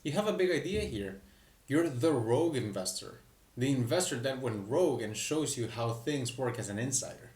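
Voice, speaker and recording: A man's voice: medium pitch, animated, normal speed, darkish tone. A man, a business coach, explaining ideas in a candid, casual way with self-deprecating asides. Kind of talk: casual talking-head explanation. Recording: echoey room, mic at a distance.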